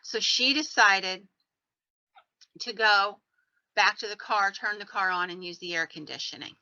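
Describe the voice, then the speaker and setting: A woman hosts a podcast and tells ghost stories in an animated, rambling way. Her voice is very bright and sharp, recorded dry and close with a dull, slightly lo-fi sound. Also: mid-range voice, unhurried, dry recording. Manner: animated, digressive storyteller. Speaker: podcast host.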